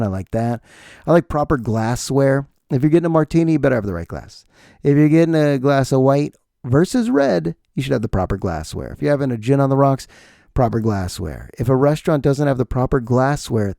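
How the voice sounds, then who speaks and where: A man in his forties rambles through a solo podcast in a chatty, self-deprecating way. His voice is gravelly and mellow. The sound is dry and close, with no room around it. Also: medium pitch, dry recording. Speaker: podcast host. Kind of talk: casual solo podcast monologue.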